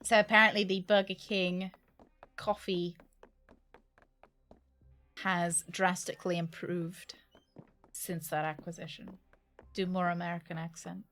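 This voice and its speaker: A woman's voice: on the low side, level tone, a little slow, long pauses, a bit bright. Chatty British woman streaming a game. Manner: chatty, playful, teasing banter with chat. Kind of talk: casual let's-play chat.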